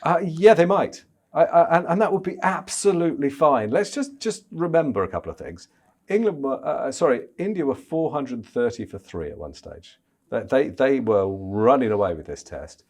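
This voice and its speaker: A man's voice: mid-range voice, big pitch swings, normal speed, darkish tone. A man, a chief cricket correspondent, chatting casually on a podcast, with frequent stammering restarts.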